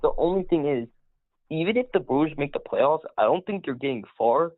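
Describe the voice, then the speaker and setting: A man's voice: fairly high pitch, expressive, a little fast, no echo. Male phone-in caller, easygoing, thin phone sound, dry. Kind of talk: casual phone-in chat. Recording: tinny phone line.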